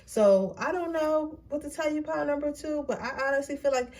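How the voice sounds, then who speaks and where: A woman's voice: sits high, fairly quick, a little mellow. A young woman giving a casual pick-a-card tarot reading, blunt, slangy and full of profanity. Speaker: tarot reader.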